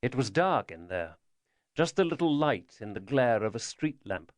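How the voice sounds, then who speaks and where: A man narrating a thriller audiobook in a measured storytelling manner. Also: mid-range voice, very animated, no echo, clean studio sound. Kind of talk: scripted narration.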